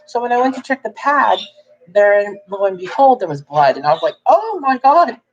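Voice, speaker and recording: A young adult woman telling a personal story in a casual, chatty way, jumping up in pitch when she quotes people. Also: brisk, dull audio. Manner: chatty, animated when quoting others. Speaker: vlogger.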